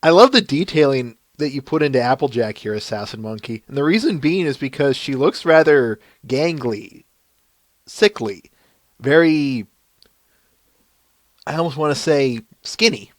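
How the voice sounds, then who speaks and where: Podcast host, man, Minnesotan accent, mid pitch, dry close sound, chatty with frequent restarts. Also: lively intonation, unhurried, no echo. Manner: chatty, laughing, restarts often. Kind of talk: casual live-stream podcast chat.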